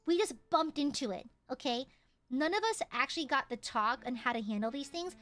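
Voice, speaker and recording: A young woman streaming, chatting casually with her chat, swearing freely and squealing when excited. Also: high-pitched, brisk, soft background music.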